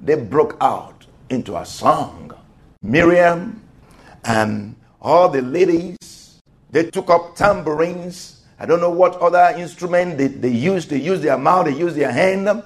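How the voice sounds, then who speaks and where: High-voiced man preaching with fervor. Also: animated, takes it slowly. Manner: emphatic, swells to loud exclamations, calls for amen. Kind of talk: sermon.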